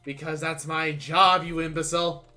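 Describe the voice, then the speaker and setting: A man's voice: mid-range voice, lively intonation, unhurried, fairly bright tone, soft background music. A man voicing a blunt, scornful woman journalist who talks curtly and dismissively. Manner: curt, dismissive.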